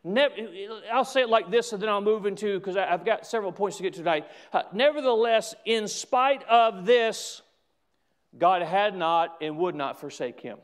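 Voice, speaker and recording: A man preaching a sermon, slowing down and drawing out key words for emphasis. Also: high-pitched, expressive.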